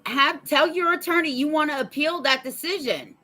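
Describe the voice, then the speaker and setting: A woman's voice: high-pitched, moderate pace, sharp tone. A woman hosting a podcast, giving firm and direct advice in casual chat. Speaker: podcast host.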